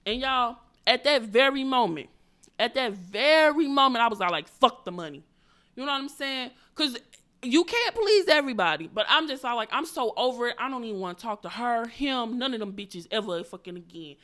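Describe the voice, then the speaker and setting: Bright-voiced, profane woman podcast host. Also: fairly high pitch, a little fast. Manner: animated, profane, acts out quotes. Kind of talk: casual storytelling.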